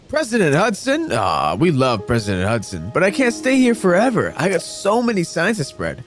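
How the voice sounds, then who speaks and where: A man's voice: on the high side, huge pitch swings, moderate pace, hardly any pauses. A man giving casual, goofy let's-play commentary, mocking himself and talking to the game characters. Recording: game music behind voice.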